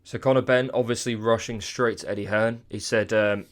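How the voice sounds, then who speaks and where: A man's voice: on the low side, steady tone, moderate pace, hardly any pauses. A man giving casual solo commentary on boxing, chatty and hedging with asides. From United Kingdom. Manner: chatty, hedging with "I mean" and "let's be honest".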